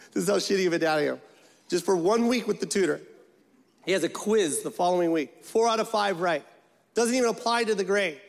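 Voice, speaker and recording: A man's voice: high voice, fairly quick, gravelly. A man performing a stand-up comedy set, telling stories with profanity and acting out the people in them. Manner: animated storytelling, acts out characters, profane. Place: large theater stage. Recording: live show with loud crowd laughter. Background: audience laughing.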